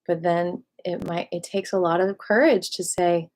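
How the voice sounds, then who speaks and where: A woman leading a qigong meditation class, speaking in a gentle, affirming way and often repeating her cues. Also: lowish voice, steady tone, unhurried. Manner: gentle, affirming, repetitive coaching. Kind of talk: guided meditation instruction.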